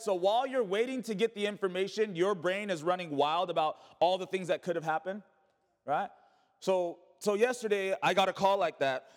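High-voiced preaching pastor in a reverberant hall. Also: male voice. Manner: preaching with call-and-response and rhetorical questions. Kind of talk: sermon.

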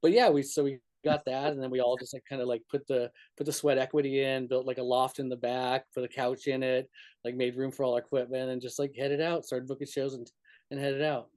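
A man's voice: medium pitch, little pitch movement, fairly quick, darkish tone. A man from northern New Mexico, a touring musician, telling road stories in a rambling way full of "like" and restarts, laughing often. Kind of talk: casual storytelling interview.

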